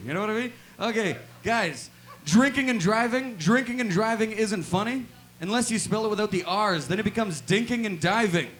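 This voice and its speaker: A Canadian man performs a rambling, awkward stand-up set at a live music venue, padding his jokes with "check it out" and "right?". His voice is high-pitched and a bit bright.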